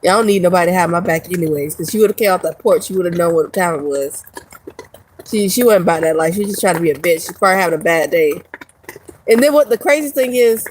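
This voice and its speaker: A woman's voice: fairly low pitch, quick pace, a little hiss or hum, rough recording. A woman vlogger ranting casually to her viewers, profane and rambling, laughing often. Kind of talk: casual rant to camera.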